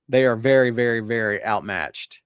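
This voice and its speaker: A man's voice: medium pitch, clean tone, no echo, studio quality. A man co-hosting a podcast, chatting loosely about college football and rambling with restarts. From Oklahoma, USA. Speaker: podcast co-host. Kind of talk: casual sports chat.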